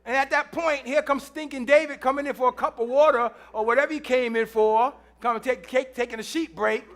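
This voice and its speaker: A man's voice: extremely high pitch, steady tone, a little fast, fairly bright tone. A man preaching a sermon in a church, telling a story with humor, acting out the people in it and repeating phrases for emphasis. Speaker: pastor.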